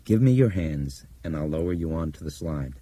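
A man voicing a calm grown man who talks gently and coaxingly in an audiobook. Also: extremely low pitch, moderate pace, husky, no echo, exaggerated voice.

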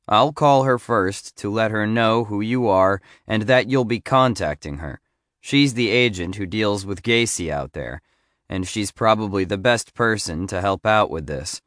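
A man's voice: on the low side, measured pace, fairly bright tone, dry recording, clean studio sound. Man voicing a curt, patronizing FBI agent. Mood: helpful. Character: middle-aged male FBI agent, patronizing, businesslike. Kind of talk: audiobook character voice.

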